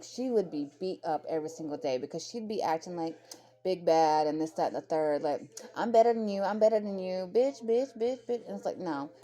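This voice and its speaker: A woman's voice: low-pitched, mellow. A woman ranting in heated, profane commentary, often repeating herself, talking about her own kids along the way. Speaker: commentary creator.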